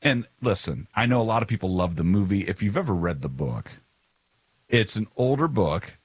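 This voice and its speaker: A man's voice: lowish voice, animated, moderate pace, slightly rough, dry recording. A man in his forties co-hosting a podcast, chatting in an easygoing, rambling way. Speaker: podcast co-host. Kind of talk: casual chat.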